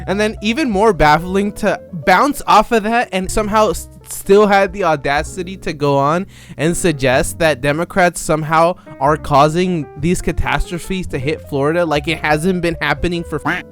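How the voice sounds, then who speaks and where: A high-voiced man delivers a sarcastic comedic monologue. He rambles, stops mid-phrase and restarts. Faint music hums underneath. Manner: sarcastic, rambling with self-interruptions. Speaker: commentary creator.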